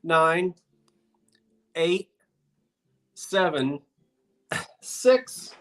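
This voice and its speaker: A man's voice: fairly high pitch, lively intonation, extremely slow, a bit bright. A man hosting a live online auction of antiques, playful and chatty, joking as he counts down bids.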